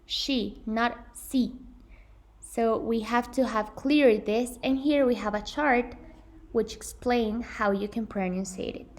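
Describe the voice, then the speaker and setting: With a slightly high, slightly mellow voice and a measured pace, a young woman presents a scripted lesson on English pronunciation. She comes across as earnest and careful, often correcting herself.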